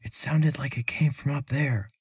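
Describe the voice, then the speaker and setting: A woman's voice: a bass voice, steady tone, normal speed, a little mellow, slightly rough, no echo, studio quality, voice pushed up, exaggerated voice. A man voicing an anxious young woman traveler in a storybook reading, worried and full of questions, his voice raised well above his own. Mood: hushed.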